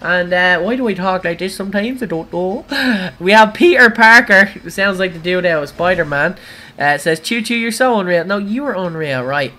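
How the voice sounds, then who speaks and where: An Irish woman livestreaming gameplay, giggling often and breaking into excited squeals and shouts. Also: lowish voice, moderate pace. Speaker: gaming livestreamer. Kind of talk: live gameplay commentary.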